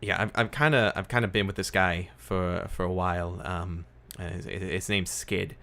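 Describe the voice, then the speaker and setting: A man voicing a tough but uneasy young woman who talks in halting, hesitant bursts. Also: sits low, steady tone, pushed and bright.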